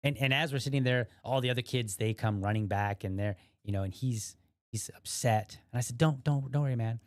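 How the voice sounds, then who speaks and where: A man's voice: on the low side, brisk, no echo. A man telling a story in a dry, close podcast voice. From USA. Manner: rambling, animated storytelling with restarts and acted-out quotes. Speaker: podcast host. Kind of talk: casual storytelling monologue.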